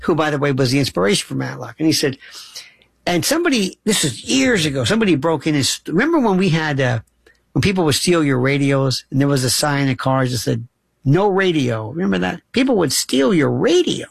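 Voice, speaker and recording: Radio host, male, middle-aged; gravel in the voice, dry close sound, impassioned storyteller. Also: on the high side, big pitch swings, a little fast, no room sound. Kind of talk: talk radio monologue.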